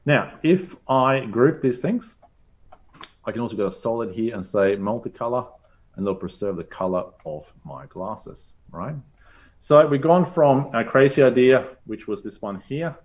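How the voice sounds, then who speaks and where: A man's voice: medium pitch, lively intonation, unhurried, darkish tone, highs cut off. A man teaching a live online session, thinking aloud in an upbeat, chatty way as he clicks through a demo. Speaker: teacher presenter. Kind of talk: live screen-share demo lesson.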